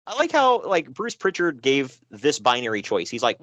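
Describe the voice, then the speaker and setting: A man co-hosting a podcast in casual chat, animated, laughing and sighing between points. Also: medium pitch, moderate pace, no echo. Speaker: podcast co-host.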